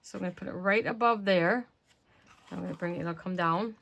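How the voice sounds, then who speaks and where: A woman's voice: lowish voice, brisk, creaky, a bit bright. A woman hosting a craft tutorial, explaining steps casually while working with her hands and murmuring to herself, her voice slightly worn and losing strength. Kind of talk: casual step-by-step craft instruction.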